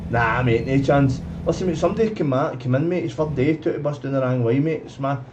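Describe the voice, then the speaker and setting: A man's voice: medium pitch, brisk, a little mellow. A man gaming on a live stream, telling a rambling story, swearing and calling everyone "mate". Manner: rambling, swears often, says "mate" constantly. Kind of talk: casual storytelling while streaming. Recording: dull lo-fi, off-mic, noisy.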